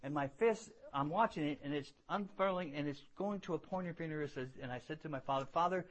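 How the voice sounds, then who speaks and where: A man preaching a sermon and telling his own story earnestly, rising to loud emphasis and dropping to hushed lows, often repeating words as he builds. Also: fast talker. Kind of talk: sermon with personal testimony.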